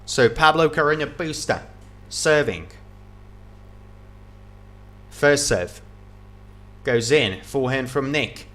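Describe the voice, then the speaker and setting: A man giving live play-by-play tennis commentary, calling each shot quickly and getting excited at big points. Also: medium pitch. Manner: excited, calls shots rapidly, repeats praise.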